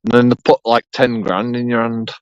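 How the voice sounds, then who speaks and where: Bloke ranting to camera, swears a lot, dry close sound. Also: male voice, mid-range voice, steady tone, brisk, darkish tone, clean tone, dry recording, muffled recording. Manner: profane, rambling, sarcastic, repeats himself. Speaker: YouTube auditor. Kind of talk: rambling solo vlog monologue.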